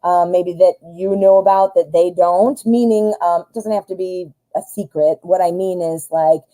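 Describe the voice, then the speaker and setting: A fairly low, mellow woman's voice with fairly even intonation moves at a moderate pace on a rough recording. The speaker, a married American adult, hosts a tarot live stream, thinking aloud with many fillers, going on tangents, and cracking self-deprecating jokes.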